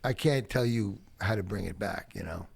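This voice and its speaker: A man from the Bronx, guesting on a podcast and telling animated, profane stories. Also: lowish voice, normal speed, gravelly, slightly rough. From the Bronx, New York. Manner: animated, profane raconteur who acts out the people in his stories. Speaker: podcast guest, punk rock singer. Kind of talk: casual storytelling interview.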